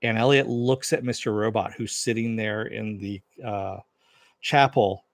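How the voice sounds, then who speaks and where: A man's voice: lowish voice, steady tone, a little slow, creaky, no echo, clean studio sound. A man reviewing a TV series, retelling an episode's scenes in a loose, casual way, paraphrasing the dialogue and filling gaps with "uh" and "kind of thing".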